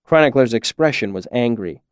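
Male narrator, measured and lively in pitch, dry studio sound. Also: clean tone, dry recording. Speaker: audiobook narrator. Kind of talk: scripted narration.

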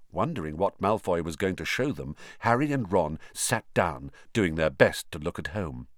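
A man narrating an audiobook in an expressive, animated reading. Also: low-pitched, moderate pace, few pauses, no echo, studio quality. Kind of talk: scripted narration.

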